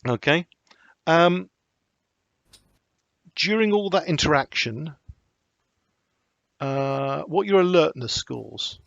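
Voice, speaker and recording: Man, game master, halting delivery full of ums, dry close sound, slightly dull lo-fi audio. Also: fairly high pitch, expressive, vocal fry, fairly bright tone, dry recording. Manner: hesitant, many ums and restarts. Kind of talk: narrating a tabletop horror game.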